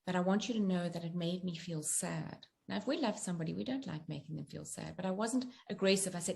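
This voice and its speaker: A middle-aged woman speaks in a low, gravelly voice with a gentle, earnest tone. She talks reflectively as an interview guest, working through her points with personal examples. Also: fast talker, few pauses. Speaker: guest author and coach.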